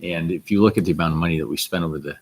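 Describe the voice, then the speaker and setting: A man on a school board, speaking at a public meeting and repeating words as he gets going. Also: low-pitched. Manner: halting, repeats words as he starts.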